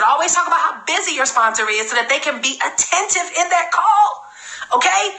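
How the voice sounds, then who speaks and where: A woman giving an energetic, emphatic live-streamed sales training talk as a network marketing trainer. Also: sits high, normal speed, echoey room, rough recording. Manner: energetic, emphatic, repeats for stress.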